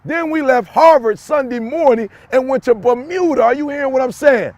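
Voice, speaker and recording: A man giving an emphatic, repetitive motivational talk straight to the listener, breaking into shouts and folksy asides. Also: very high-pitched, moderate pace, no echo. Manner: folksy, addresses listener directly. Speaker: motivational speaker.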